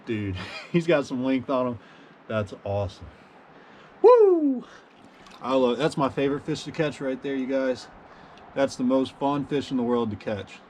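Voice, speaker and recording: With a mid-range voice at a moderate pace, a man records a fishing vlog outside by a wintry creek, wet through and chilly. He's casual and hyped, leaning heavily on "yo" and "dude," over a faint background hiss or hum.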